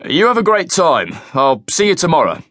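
A man's voice: fairly high pitch, wildly swooping pitch, moderate pace, fairly bright tone, no echo, voice pushed up, exaggerated voice. A harried middle-aged police inspector, read by a man, short-tempered and curt, snapping his lines with an up-and-down voice. Close, dry audiobook sound. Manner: curt, irritable, swearing under breath.

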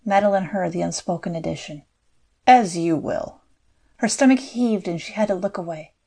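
A woman narrating a fantasy audiobook in a measured, scripted storytelling style. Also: on the low side, gravelly, dark tone.

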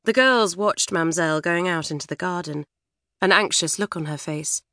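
A woman narrating a children's novel with lively, expressive storytelling in a studio. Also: fairly low pitch, normal speed, dry recording. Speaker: audiobook narrator. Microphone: studio microphone.

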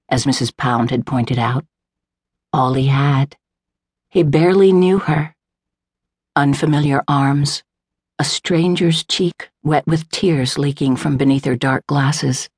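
A woman reading a literary novel aloud in a measured, unhurried way, voicing the characters lightly. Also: rumbling low, a little mellow, husky, no echo, clean studio sound. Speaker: audiobook narrator. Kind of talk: scripted narration. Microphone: close studio mic, dry.

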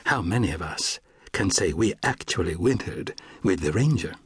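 A man voicing a genteel, playful Englishwoman with a British accent, soft-spoken and cordial. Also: on the low side, big pitch swings, normal speed, slight background noise.

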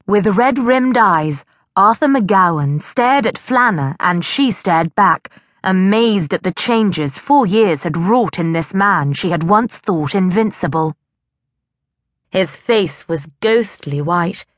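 A woman narrating a historical romance audiobook in a steady, deliberate reading voice. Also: medium pitch, no room sound, clean studio sound. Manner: slow, even, deliberate reading. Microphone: close studio mic.

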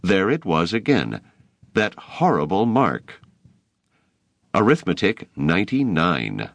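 Deep, slow male audiobook narrator. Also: very animated, dry recording. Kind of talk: scripted narration.

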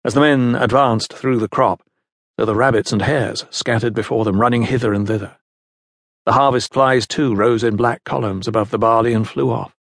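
Male narrator, measured historical-fiction reading, gravelly and dry. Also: medium pitch, fairly even intonation, a bit bright, no echo. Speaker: audiobook narrator. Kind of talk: scripted narration.

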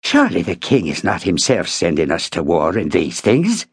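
A male narrator playing an eager, chatty young soldier who rambles on in a lively, higher voice. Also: moderate pace, husky, dry recording, studio quality, full character voice. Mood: indignant. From Birmingham. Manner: rambling, lively and bright-eyed.

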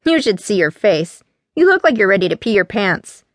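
A woman's voice: medium pitch, very animated, normal speed, no room sound, natural voice. A woman reading an audiobook voices a careless, teasing teenage boy in a voice close to her own. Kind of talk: audiobook character voice.

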